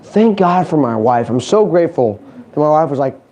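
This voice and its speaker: A man's voice: a little high, expressive, normal speed, warm tone, a little hiss or hum. A man giving a motivational stage talk. He tells stories in a chatty way, acts out other people's lines, laughs often and keeps asking "you know what I mean?". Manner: storytelling, acting out quoted voices, laughing often. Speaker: speaker at a business event.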